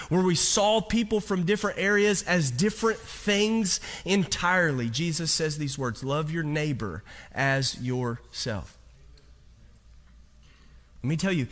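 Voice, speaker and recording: A man pastor preaching a sermon to a congregation, animated, with rhetorical questions and humor. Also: high-pitched.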